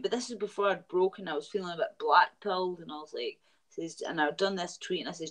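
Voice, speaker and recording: A woman with a Glaswegian accent, a guest in a casual chat, blunt and animated and swearing freely. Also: lowish voice, brisk, poor audio. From Scotland.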